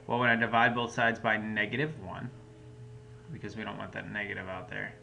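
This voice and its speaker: Bright-voiced man teaching math. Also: on the low side, level tone, brisk, creaky, lo-fi sound, slight background noise. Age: adult parent. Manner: patient, explains step by step, casual fillers. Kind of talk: recorded math lesson walkthrough.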